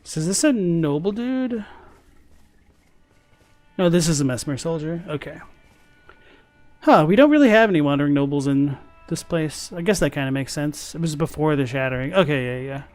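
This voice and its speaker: A man's voice: a little high, lively intonation, moderate pace, long pauses, darkish tone, dry recording, faint music behind. A man streaming a game, chatting casually about its lore and thinking aloud as he plays. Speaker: gaming streamer. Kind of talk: casual gameplay commentary with lore talk.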